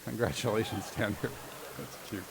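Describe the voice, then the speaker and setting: A commencement announcer with a fairly low, gravelly voice reads graduates' tributes at a moderate pace. He stays formal but adds playful joking asides, and the large hall's reverb and a faint hiss color the recording.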